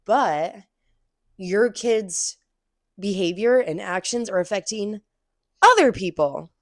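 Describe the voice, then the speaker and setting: A young woman co-hosting a casual chat show, telling animated stories about her work as a cashier. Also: takes it slowly, no room sound, clean studio sound. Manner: animated storytelling, acts out customers in high voices. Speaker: podcast co-host.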